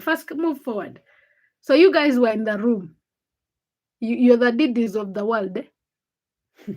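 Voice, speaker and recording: A woman's voice: on the high side, fairly bright tone. Teasing young woman host chatting with viewers. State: tired. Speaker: livestream host. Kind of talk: late-night livestream chat reading comments.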